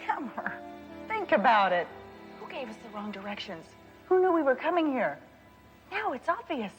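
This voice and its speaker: Woman acting as a sharp sensible detective, mid pitch, firm, sitcom. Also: very animated, moderate pace, lo-fi sound, soft background music, close to an everyday voice. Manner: firm, reasoning. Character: sharp level-headed female detective. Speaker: police detective.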